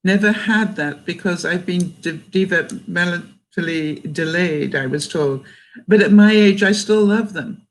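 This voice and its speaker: An older Canadian woman reads out viewer comments on a live stream, chatting warmly, laughing often between thoughts and restarting sentences. Her voice is lowish and a little slow. The recording is rough.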